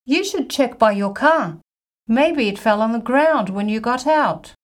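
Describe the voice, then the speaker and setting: High-voiced woman in scripted dialogue. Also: animated, a little slow. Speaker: dialogue actor in a listening exercise.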